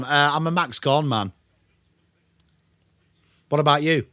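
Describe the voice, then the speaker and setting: A man's voice: on the high side, big pitch swings, normal speed, long pauses, a bit bright, no room sound, studio quality. A young man hosting a live football watchalong, calling the play and chatting with viewers in a casual, swearing, bantering way. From England. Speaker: watchalong host.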